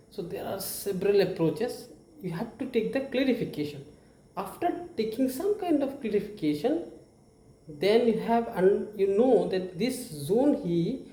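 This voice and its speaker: A man with an Indian English accent gives an informal lecture on handling tough interview questions. His voice is mellow and low in brightness, and it carries a roomy echo. He circles back over his points, says "okay" between ideas and restarts his sentences often. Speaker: career coach.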